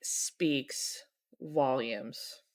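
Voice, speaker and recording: A woman's voice: rumbling low, extremely slow. A woman co-hosting a book club podcast, chatting casually and reading aloud playfully, laughing easily. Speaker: podcast co-host.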